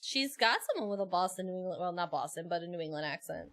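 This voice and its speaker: A woman's voice: lowish voice, lively intonation, quick pace, fairly bright tone. A woman streamer in casual chat, laughing often and talking freely with viewers and her co-host. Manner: giggly, chatty, laughs often.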